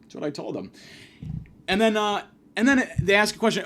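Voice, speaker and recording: A man's voice: high voice, expressive, brisk, a bit bright. A young man ranting in a profane, exasperated comedy monologue. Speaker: podcast host. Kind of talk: comedic rant.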